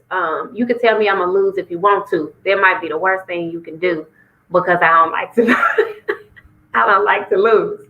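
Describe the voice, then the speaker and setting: A woman from Memphis, sharing a personal testimony as an interview guest and acting out dialogue with sudden jumps in pitch. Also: highs cut off. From Memphis, Tennessee. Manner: animated storyteller, acts out dialogue with lively pitch jumps. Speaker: guest singer sharing her story.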